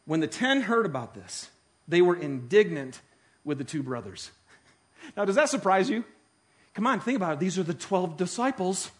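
A man preaching a sermon, telling stories with animated delivery that swings from hushed to loud. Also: sits high, normal speed, breathy edge. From Detroit. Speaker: pastor.

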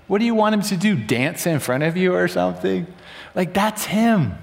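A man preaching a sermon in a lively, conversational way, often acting out voices in quotes. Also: sits high, normal speed, creaky, big-room sound. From United States.

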